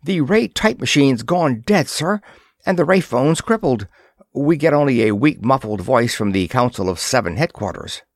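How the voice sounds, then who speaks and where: A frightened young clerk blurts bad news in a strained, upward-pushed voice, as a man narrator puts him on. The delivery is quick and gasping, with a lot of rise and fall. It is recorded close and dry, like a storybook reading. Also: mid-range voice, animated, no echo. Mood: alarmed. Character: nervous young male ship's clerk, gasping.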